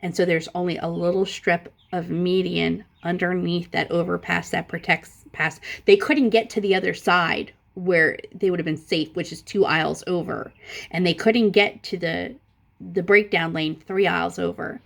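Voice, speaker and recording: A middle-aged woman telling a long, profane story in a casual, animated way, her voice jumping up when she stresses a point. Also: fairly low pitch, normal speed, vocal fry. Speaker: vlogger.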